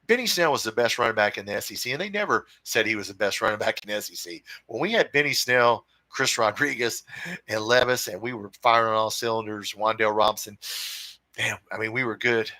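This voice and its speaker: Bright-voiced, profane man ranting on a livestream. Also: lowish voice, fairly quick, dry recording, rough recording. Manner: blunt, profane and fired-up, calls people brother and dude. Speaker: host of a fan livestream. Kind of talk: casual livestream chat reading viewer comments. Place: home room with his cat nearby.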